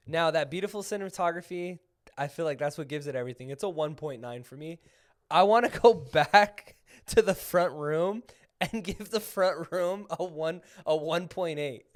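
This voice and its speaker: A young man co-hosting a podcast, chatting casually about movies in an animated way, laughing and acting out quotes. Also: high voice. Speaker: podcast co-host. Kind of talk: casual movie review chat.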